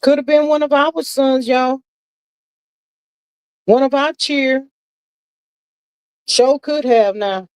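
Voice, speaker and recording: A woman with a slightly high voice hosts a casual livestream, reacting to viewer comments in an emphatic, exasperated way. She sighs and drawls, calling everyone "child" and "y'all". The recording is dry and close, with no room echo. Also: fairly even intonation, slow, long pauses, darkish tone.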